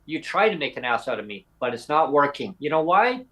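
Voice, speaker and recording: A man's voice: on the high side, very animated, brisk, pushed and bright, poor audio. A man co-hosting a podcast, talking combatively and directly to a critic he calls "bud". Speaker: podcast co-host. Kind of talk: podcast discussion.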